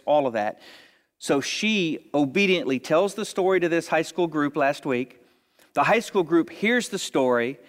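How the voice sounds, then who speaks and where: A man preaching a sermon, telling a story in a conversational way and rising to emphatic exhortation. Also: on the high side. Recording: long reverb of a large hall.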